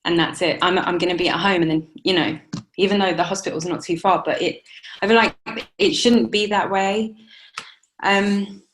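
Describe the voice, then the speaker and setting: A young woman in an interview, telling her own story in a halting way with many restarts. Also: on the low side, steady tone, a little hiss or hum. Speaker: interview guest, new mother. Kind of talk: emotional personal interview.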